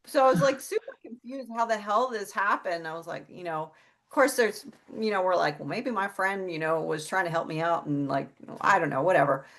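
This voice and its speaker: Here the psychic and healer, a middle-aged interview guest, talks fairly quickly in a lowish, somewhat bright voice. Her personal story comes out candid and casual, peppered with swearing.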